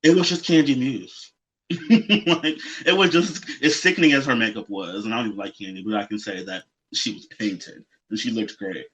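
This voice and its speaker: A man's voice: lowish voice, normal speed, fairly bright tone. A man co-hosting a drag show, talking casually and emphatically, sometimes giving little history lessons. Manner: emphatic, lecturing asides, laughs along. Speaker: podcast co-host. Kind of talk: casual chat. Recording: dull lo-fi audio.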